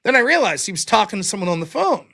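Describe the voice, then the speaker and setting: A man hosting a casual live stream, his voice sitting high and swinging up and down in lively bursts. The tone is bright and edgy as he rattles through viewer donations. He answers them in an offhand, blunt way and swears now and then. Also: creaky. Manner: quick, offhand thanks and blunt replies with swearing. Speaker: livestream host.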